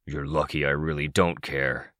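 A man's voice: level tone, normal speed, bright, forceful tone, no echo, clean studio sound. Man voicing hissing sinister monster Cryptid. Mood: mocking. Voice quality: hiss from deep down. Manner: mocking, dismissive. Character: hissing sinister male monster, cold mocking.

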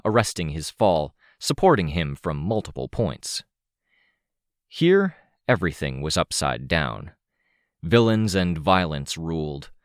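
A man narrating a first-person audiobook in a steady, wry way. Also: low voice, dry recording, studio quality.

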